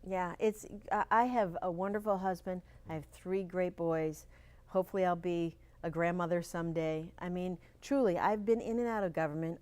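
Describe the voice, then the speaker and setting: A woman's voice: on the low side, darkish tone. Woman, middle-aged, earnest, upbeat, studio interview guest. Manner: earnest, upbeat, spells out slowly. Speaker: Senate candidate guest. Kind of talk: casual interview talk. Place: local cable TV studio.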